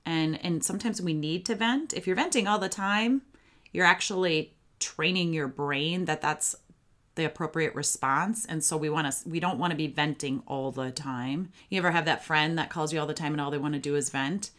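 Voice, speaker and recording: A woman with a low voice hosts a parenting podcast alone. She is chatty and upbeat and speaks straight to her listeners as she gives advice. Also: moderate pace, a bit bright.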